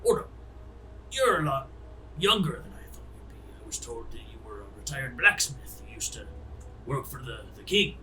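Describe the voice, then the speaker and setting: A man plays a boisterous ship captain, loud and jovial as he addresses his passengers. The voice is bright and forceful. It sits a bit away from the mic, with faint noise in the background. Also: medium pitch, big pitch swings, moderate pace, echoey room, distant mic, rough recording. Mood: announcing.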